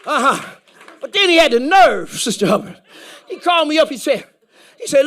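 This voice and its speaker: Male preacher, high-pitched, lively storyteller who acts out dialogue, church setting. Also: moderate pace. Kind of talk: storytelling sermon.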